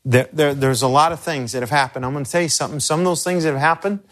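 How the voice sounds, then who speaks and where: Earnest middle-aged pastor teaching a class. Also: male voice, on the high side, fairly even intonation, a bit bright. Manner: earnest, halting, conversational. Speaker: pastor teaching crisis care. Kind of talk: instructional talk with personal stories.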